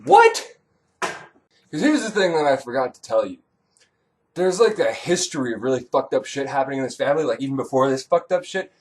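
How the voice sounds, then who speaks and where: A man's voice: medium pitch, a little hiss or hum. A young man retelling an old tale as irreverent comedy, sarcastic and full of profane asides. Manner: animated, sarcastic, rapid asides. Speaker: comedic storyteller.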